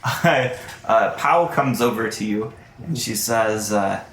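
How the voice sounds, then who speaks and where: A man narrating as game master of a tabletop game, in a relaxed manner that breaks into laughter. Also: lowish voice, slow pace, reverberant, a little hiss or hum.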